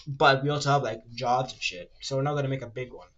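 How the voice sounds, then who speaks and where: A man streaming casually while he draws, rambling and ranting, swearing freely and reading web answers aloud in a quick mumble. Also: fairly even intonation, fairly bright tone, muffled recording. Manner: rambling, ranty, swears freely, fillers like "low-key" and "like"; reads web search results aloud in a rushed mumble. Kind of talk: casual livestream chat while drawing.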